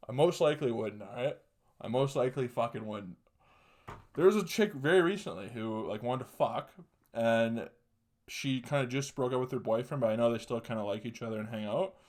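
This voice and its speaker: A man's voice: mid-range voice, expressive, moderate pace, pauses often, a little mellow. A young man hosting a solo podcast, telling a story casually, swearing constantly and laughing mid-sentence. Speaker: podcast host.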